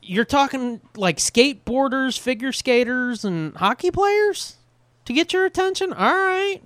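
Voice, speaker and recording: A man co-hosting a podcast, chatting casually with lots of swearing and quick voice impressions. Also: extremely high pitch, no echo. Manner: animated, swears a lot, mimics voices. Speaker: podcast co-host. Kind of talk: casual profane chat.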